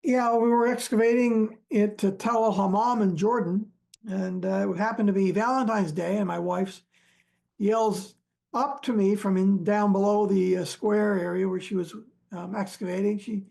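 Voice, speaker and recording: Male archaeologist, gravelly, unhurried storyteller, hesitant with frequent fillers. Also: high-pitched, fairly even intonation, darkish tone. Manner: halting, many fillers and restarts, chuckles often. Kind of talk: relaxed storytelling chat.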